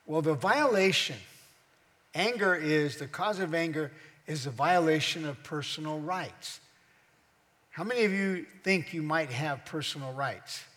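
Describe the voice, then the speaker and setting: A middle-aged male pastor preaching a sermon in a church hall, his fairly high voice trailing off in a long reverb. He teaches as he goes and keeps turning questions back to the congregation. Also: measured pace, a bit bright.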